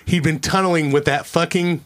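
Casual podcast co-host, man with a higher voice, swears freely and acts out movie scenes. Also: steady tone, brisk. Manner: profane, rambling, acts out movie quotes. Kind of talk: casual chat.

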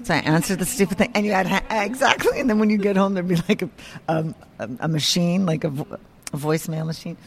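A woman guest in an interview, telling a story in a casual, animated way, swearing freely and acting out the voices of people she quotes. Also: lowish voice, quick pace, vocal fry.

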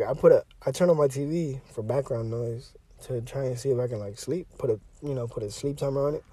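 A man's voice: mid-range voice, dark tone, dry recording. A tired young man hosting his own podcast from inside a parked car, rambling in a laid-back, slangy way with plenty of fillers. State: tired and sleepy. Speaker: podcast host. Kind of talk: casual solo podcast chat.

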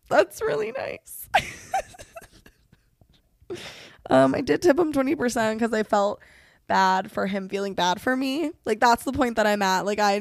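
Here a young podcast host vents in a casual, candid way, full of profanity and heavy on the word "like." She has a medium-pitched voice, captured dry in clean studio sound.

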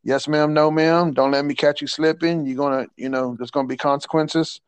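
A man telling a coaching story in a casual chat, animated and slangy, stumbling over repeated words and laughing often. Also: a little high, a little fast, smooth, dry recording. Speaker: podcast guest, assistant softball coach.

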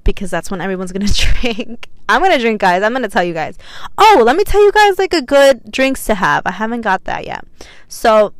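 A woman's voice: mid-range voice, fairly bright tone, clear, resonant tone, dry recording. A young woman in her twenties hosting her own podcast, chatting casually and bubbly with lots of fillers. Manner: chatty and bubbly, many fillers, laughs often. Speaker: podcast host. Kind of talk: casual solo podcast chat.

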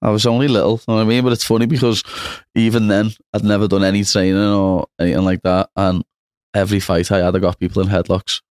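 A man's voice: lowish voice, level tone, quick pace, a little mellow, clean tone, no echo, clean studio sound. A young man with a Liverpool accent, chatting as a podcast guest and tagging on "know what I mean". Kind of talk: casual chat.

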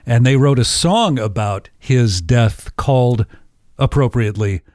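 Animated man telling a story, dry mic. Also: mid-range voice, measured pace, no room sound. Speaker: podcast host. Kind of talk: casual storytelling.

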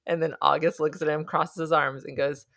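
A woman's voice: deep voice, level tone, moderate pace, creaky, a bit bright. A woman co-hosting a podcast, telling stories in a casual, chatty way with plenty of filler words. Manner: chatty storyteller, lots of "like" fillers. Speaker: podcast co-host. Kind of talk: casual chat.

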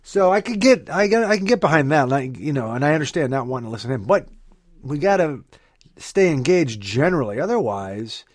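A man co-hosting a casual talk, speaking haltingly with uhs and repeated words. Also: on the high side, lively intonation, no room sound. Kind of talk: casual conversation.

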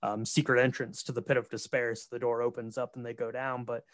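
A man co-hosting a casual podcast, retelling a film's plot with relaxed, rambling speech full of fillers. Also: medium pitch, quick pace, no room sound, studio quality. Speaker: podcast co-host. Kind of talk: casual movie recap chat.

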